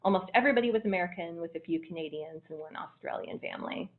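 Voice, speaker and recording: A woman casually telling stories about a trip, animated and laughing often. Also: lowish voice, rapid-fire. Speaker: traveler sharing trip photos. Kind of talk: casual storytelling. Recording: tinny phone-like line.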